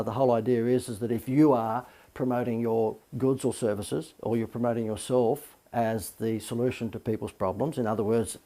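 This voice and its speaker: A man's voice: medium pitch, mellow. A man teaching a business marketing lesson as a coach, talking in a chatty, informal way with many fillers and asides.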